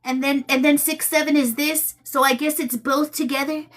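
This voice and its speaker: A woman host chatting casually to her viewers, telling a story with animated quotes and laughter. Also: high-pitched, normal speed. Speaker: tarot channel host.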